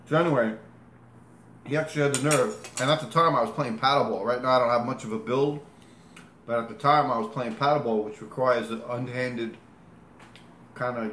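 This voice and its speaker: A man's voice: medium pitch, fairly bright tone, a little hiss or hum. A man telling a long personal story in casual talk, rambling and correcting himself as he goes, acting out movements. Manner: rambling, self-correcting, demonstrates with gestures. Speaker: interviewee. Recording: echoey room with faint ambience.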